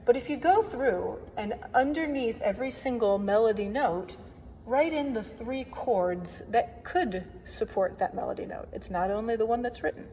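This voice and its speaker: A woman's voice: a little high, a little mellow. A woman organist giving a recorded workshop lesson on hymn playing, explaining in a friendly, chatty way with playful asides. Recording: long reverb, faint background noise.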